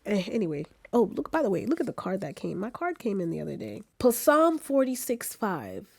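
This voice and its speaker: A woman's voice: medium pitch, brisk, gravelly, few pauses, breathy edge, no room sound. A young woman vlogging candidly to her camera, emphatic and slangy, repeating words for effect. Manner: expressive, emphatic, repeats herself, slangy asides. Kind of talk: candid personal vlog talk. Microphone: camera mic.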